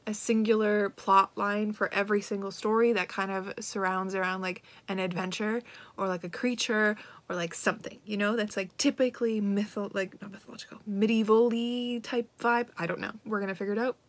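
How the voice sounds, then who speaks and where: A woman's voice: mid-range voice, fairly even intonation, fairly quick. A young woman talking casually in a writing vlog, rambling with lots of fillers. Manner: chatty, rambling with many fillers. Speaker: vlogger.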